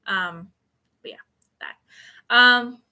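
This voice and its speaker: A woman's voice: medium pitch, drawn-out words, bright, forceful tone. A woman in her late twenties chatting casually on a live stream, telling rambling stories with plenty of fillers. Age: 20s. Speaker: vlogger.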